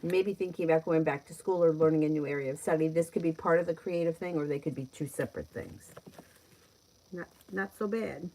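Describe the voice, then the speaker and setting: A woman's voice: low-pitched, brisk, dark tone, slight background noise, low-quality recording. Chatty New York woman reading tarot. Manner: chatty, laughs often, reads viewer questions aloud. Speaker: tarot reader. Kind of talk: live-stream tarot reading.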